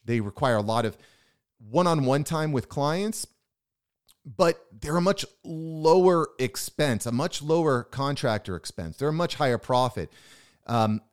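A man's voice: mid-range voice, clean tone. A man hosting his own business podcast, talking solo in a pumped-up, emphatic motivational way. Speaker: podcast host.

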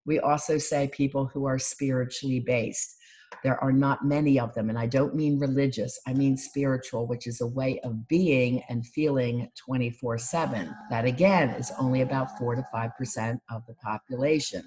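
A woman life coach giving a calm, instructive talk on gratitude and mindfulness, listing things one by one. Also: very deep voice, normal speed. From United States.

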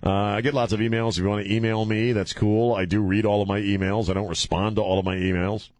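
A man's voice: lowish voice, level tone, quick pace, darkish tone, dry recording. A middle-aged man hosting a talk radio show in a studio, blunt, sarcastic and rambling. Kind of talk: opinionated talk radio chat. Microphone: studio microphone.

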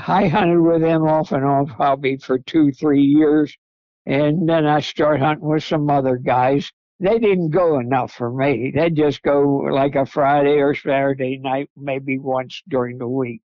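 A man's voice: a little high, dry recording, lo-fi sound. An older man, a podcast guest, telling rambling folksy stories about his past. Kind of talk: storytelling interview.

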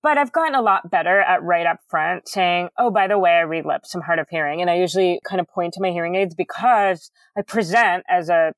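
Loud, careful-speaking woman guest. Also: fairly quick, few pauses, no room sound. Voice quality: loud, booming, enunciates carefully. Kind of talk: casual interview chat.

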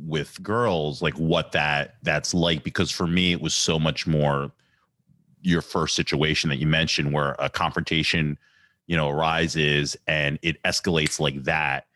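A man hosting a casual conversation who muses in a halting, reflective way. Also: rumbling low, fairly even intonation, sharp tone, dry recording, studio quality.

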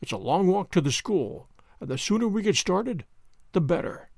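A man voicing a cool, shrewd male detective who speaks in a calm, measured, wry way in a storybook reading. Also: high-pitched, vocal fry, dry recording, studio quality, full character voice.

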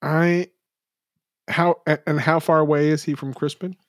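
A man's voice: fairly high pitch, flat delivery, normal speed, dry recording, studio quality. A man playing a tabletop game, asking questions and declaring his character's actions hesitantly. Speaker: player.

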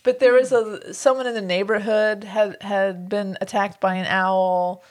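A woman co-hosting a podcast, telling stories in a giggly, animated way. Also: medium pitch, measured pace. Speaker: podcast co-host. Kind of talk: casual chat.

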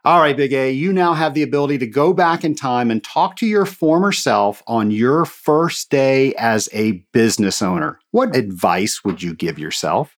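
A man's voice: mid-range voice, expressive, moderate pace, hardly any pauses. A man hosting a podcast, asking a guest questions in an upbeat, friendly way. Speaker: podcast host. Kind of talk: interview questions.

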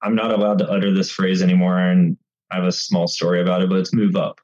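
A man telling casual stories about bike racing, acting out rider chatter with lively energy. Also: sits low, fast talker, dull audio. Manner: animated, acts out race chatter. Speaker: bike racing guest commentator. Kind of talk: casual storytelling.

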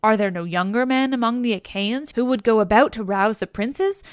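A young warrior speaks bluntly in formal old phrases, read by a woman in her own voice. The tone is smooth and dry. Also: fairly high pitch, moderate pace, no echo, natural voice. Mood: admiring.

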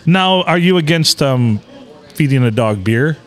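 A man's voice: on the high side, animated, measured pace. A man hosting a podcast, joking crudely and teasing his co-hosts in casual chat. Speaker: podcast host.

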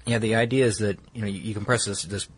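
A man's voice: fairly low pitch, fairly even intonation, fast talker, husky. A man explaining a technology in casual conversation, rambling and correcting himself with many fillers.

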